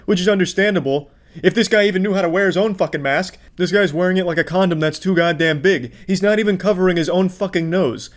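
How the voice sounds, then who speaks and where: A man giving sarcastic, profane reaction commentary on clips. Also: a little high. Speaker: commentary host.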